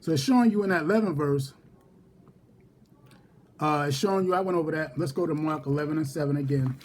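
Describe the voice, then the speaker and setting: Husky man leading a Bible study. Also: a little high, darkish tone. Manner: repeats verse references, reads scripture slowly and deliberately. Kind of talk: casual scripture study.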